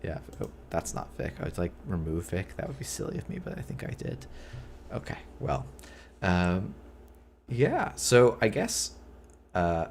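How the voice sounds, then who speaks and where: Host guy with a very deep voice, rambling, restarts a lot, faint hiss behind. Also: vocal fry. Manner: rambling, self-correcting, jokey. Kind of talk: casual livestream chat.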